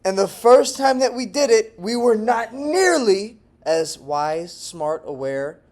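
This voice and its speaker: A language-learning vlogger from Texas chats to camera in a slow, casual monologue that's animated and full of digressions. He shifts between loud bursts and soft murmurs and laughs frequently.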